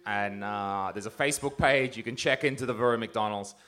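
A man's voice: lowish voice, a little fast, a bit bright. A man doing live stand-up on a comedy stage, roasting people in the audience with crude, mocking banter.

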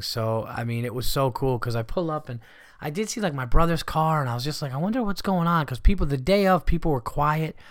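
A New York stand-up comedian who hosts a podcast delivers a casual solo monologue, a blunt, profane storyteller who rants and riffs. His male voice is mid-range, recorded on a dry mic with no echo.

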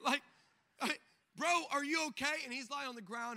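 A young male pastor delivers an emphatic sermon, breaking into comic stories and acting out their voices. His voice sits high, with a very bright, forceful edge. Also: moderate pace, gravelly. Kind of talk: sermon with humorous storytelling.

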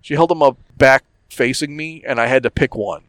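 A middle-aged man co-hosting an easygoing podcast recounts a story, cursing and working himself up as he rants. His mid-range voice is a bit bright and a little fast, with no echo.

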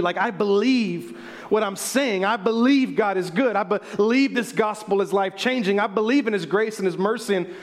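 A middle-aged male pastor preaching in a church, his voice riding high for a man. He speaks with real passion and swells toward near shouting as he drives his points home. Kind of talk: sermon. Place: church sanctuary.

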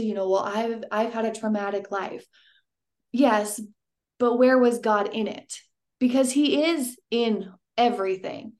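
A woman's voice: medium pitch, a little mellow. A young adult woman giving a personal faith testimony in an earnest, emotional way, often restarting her sentences. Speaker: guest.

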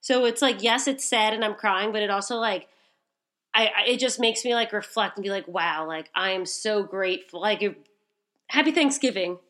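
Gushing, animated young woman. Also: mid-range voice, moderate pace. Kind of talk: casual chat.

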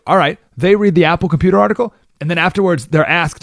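A man hosting a talk radio show, explaining ideas in a monologue and acting out the people he quotes in quick character voices. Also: high voice, dry recording, studio quality. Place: radio studio.

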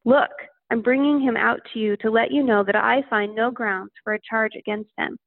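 A woman voicing a stern male Roman governor in a Bible reading, measured and questioning. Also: on the high side, steady tone, gravelly, no room sound. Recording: tinny phone-like line.

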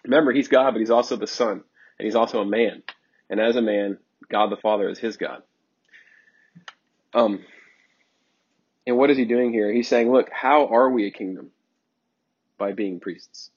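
Fervent preacher man, husky and low. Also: normal speed, long pauses. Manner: fervent and emphatic, with repeated phrases and frequent ums. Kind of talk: sermon. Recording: dull lo-fi sermon recording.

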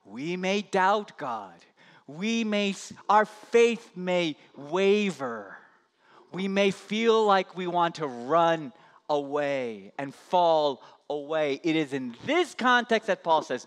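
Emphatic preacher in a reverberant hall. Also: male voice, fairly high pitch, big pitch swings, slow pace, clean tone. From United States. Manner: impassioned, emphatic preaching with repetition. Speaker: pastor. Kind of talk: sermon. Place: church sanctuary.

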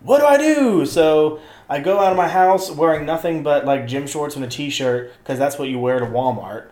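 A young man co-hosting a casual podcast, telling animated stories full of swearing and acted-out quotes. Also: a little high, normal speed, reverberant. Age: young adult. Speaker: podcast co-host. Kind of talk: casual chat.

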